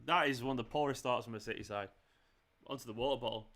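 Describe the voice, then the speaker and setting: A man hosting a live football watchalong, reacting with exasperation, swearing and shouting at the players. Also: mid-range voice, fast. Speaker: fan channel host.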